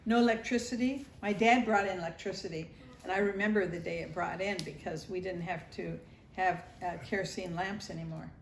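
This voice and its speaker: A woman's voice: lowish voice, brisk, creaky. Older woman storyteller, nostalgic family memories, roomy echo, faint room hum. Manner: warm storytelling, nostalgic, acts out family voices. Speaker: grandmother sharing family memories. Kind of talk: recorded family interview.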